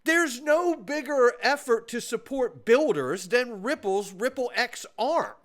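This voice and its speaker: A man's voice: extremely high pitch, lively intonation, slow pace. A man hosting his own commentary channel, talking straight to viewers in an emphatic, opinionated way. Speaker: host of a crypto commentary channel. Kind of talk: casual commentary.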